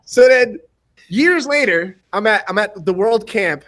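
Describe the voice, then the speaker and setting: A man with a high voice tells a casual story as a podcast guest. He slips into quick impressions of the people involved and breaks into laughter between lines. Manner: animated anecdotes, acting out other people's lines and laughing often. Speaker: martial arts instructor, podcast guest.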